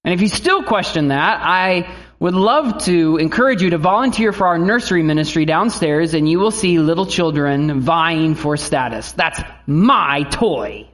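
A man's voice: on the high side, lively intonation, normal speed, fairly bright tone. A man in his thirties, a pastor giving a conversational sermon who acts out quotes and family stories.

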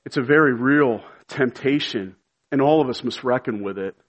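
A man's voice: mid-range voice, moderate pace. Pastor, male, earnest sermon delivery that swells to fervent emphasis, dull lo-fi sound. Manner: earnest, rising to emphatic shouts.

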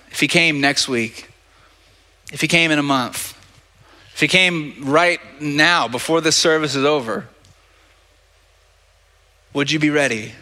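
Pastor, man, bright and slightly high voice; casual preaching, restarts and asks "right?". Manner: conversational, repeats words, asks "right?" often. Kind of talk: sermon. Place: church service. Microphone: handheld or stage mic.

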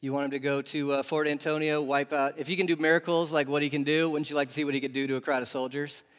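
A man preaching a sermon in a lively, animated way, putting question after question to his listeners. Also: on the high side, fast talker. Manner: animated, asks the audience questions. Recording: long reverb of a large hall.

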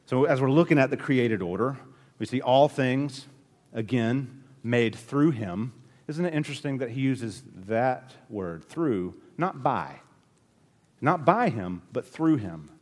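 A man preaching a sermon as pastor, emphatic, with sharp rises and drops in his delivery. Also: medium pitch, expressive, a little slow, in a large hall.

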